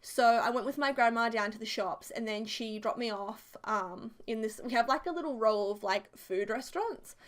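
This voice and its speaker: A woman's voice: a little high, moderate pace, few pauses. Chatty young Australian woman. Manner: chatty, rambling, giggly storytelling. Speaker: YouTuber. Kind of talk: casual voiceover chat.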